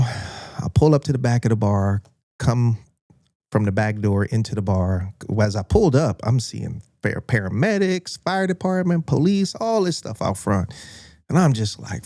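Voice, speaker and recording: Profane storytelling American man, mellow. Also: medium pitch, no echo, studio quality. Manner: animated, profane, acts out quoted voices. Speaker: podcast host telling a story. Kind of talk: casual storytelling.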